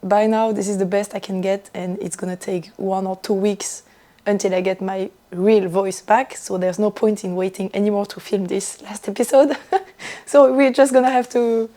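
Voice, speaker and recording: Woman, young adult, hoarse, rough broken voice, mellow dark timbre, chatty self-mocking vlog talk. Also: mid-range voice, steady tone, normal speed. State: hoarse, lost voice. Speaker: knitting vlogger. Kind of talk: casual chat to camera.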